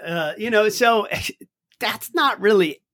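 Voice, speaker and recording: A man co-hosting a casual podcast chat, animated, laughing easily and acting out quoted lines. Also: high-pitched, takes it slowly, no room sound, studio quality. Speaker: podcast co-host.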